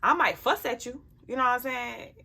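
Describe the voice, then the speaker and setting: A woman vlogger with a gravelly voice pitched on the high side talks at a normal speed in a sharp tone. As a parent sharing life advice in a casual personal vlog, she's blunt and emphatic and keeps asking "you know what I'm saying."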